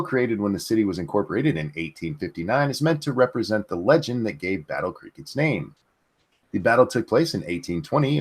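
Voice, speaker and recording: A man hosting a livestream, reading news stories aloud with halting restarts and self-corrections. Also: fairly low pitch. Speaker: show host.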